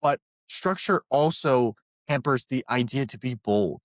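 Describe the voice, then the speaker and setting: A man co-hosting a podcast in a chatty, playful way, putting on silly high voices for jokes. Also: lively intonation, unhurried, dry recording, clean studio sound. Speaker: podcast co-host. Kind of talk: casual podcast chat.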